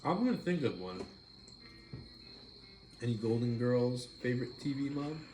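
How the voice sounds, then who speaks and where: A man's voice: mid-range voice, very animated, moderate pace, warm tone, slight background noise. Man chatting casually, echoey room. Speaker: live stream host. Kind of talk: casual chat with viewers.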